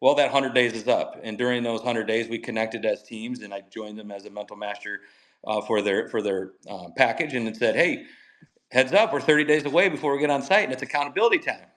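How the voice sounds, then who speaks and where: Middle-aged male coach, mid-pitched, upbeat and animated storyteller. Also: a little fast, low-quality recording. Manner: energetic, animated, acts out quoted dialogue. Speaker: guest mental skills coach. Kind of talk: enthusiastic podcast storytelling.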